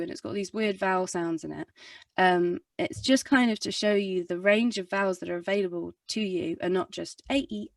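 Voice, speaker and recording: A woman's voice: mid-range voice, no echo, distant mic. Young woman, vocal coach, rambling chatty explanations, set back from the mic, dry sound. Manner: rambling, chatty, full of fillers and self-corrections. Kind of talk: casual explanatory talk in a video interview.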